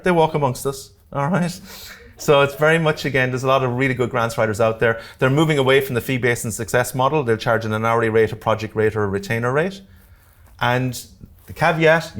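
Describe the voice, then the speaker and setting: A man with an Irish accent presenting a live workshop to a room, talking quickly and jokily and often checking in with "okay?" and "all right?". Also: medium pitch, fairly bright tone. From Ireland. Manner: fast-talking, jokey, keeps checking in with the audience. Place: community centre meeting room.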